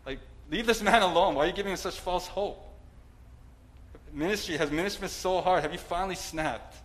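A man's voice: high-pitched, a bit bright, voice pushed up. A man acting out an incredulous male bystander who fires off exasperated questions. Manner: exasperated, rapid-fire questions.

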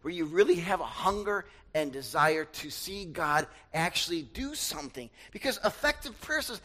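A young male pastor gives a conversational sermon. His voice sits high and sounds bright and forceful. He asks the congregation questions and acts out other people's voices, sometimes shouting them. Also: animated, normal speed, few pauses, low-quality recording. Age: young adult.

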